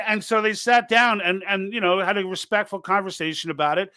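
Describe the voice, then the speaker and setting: Bright-voiced man hosting a live political stream. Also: high voice, moderate pace. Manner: conversational and urging, frequent restarts and asides. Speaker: political livestream host. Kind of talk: unscripted live commentary.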